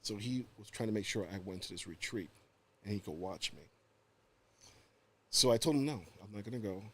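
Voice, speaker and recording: A man on a podcast shares a personal story in relaxed conversation, animatedly imitating the voices of the people involved. His voice sits on the lower side, his pace is moderate, and there's a little background noise.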